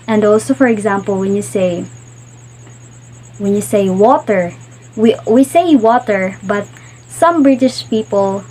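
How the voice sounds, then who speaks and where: Slow-talking woman giving a lesson. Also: mid-range voice, darkish tone, a little hiss or hum, poor audio. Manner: explains slowly, repeats example words. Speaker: student teacher. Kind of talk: classroom lecture.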